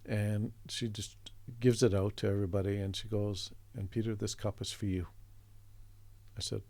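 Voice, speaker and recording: A middle-aged man from Canada, an artist guest telling a story in a chatty, relaxed way, acting out the voices of the people in it. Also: lowish voice, normal speed, creaky, no echo. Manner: chatty, acts out quoted voices, chuckles often.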